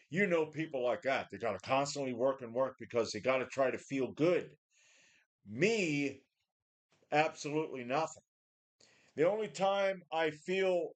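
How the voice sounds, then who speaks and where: Man in his forties, weary, cursing, unscripted webcam vlog from a home gym. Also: medium pitch. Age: 40s. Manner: blunt, profane, weary, full of sighs and restarts. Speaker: vlogger. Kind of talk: casual rambling talk to a webcam.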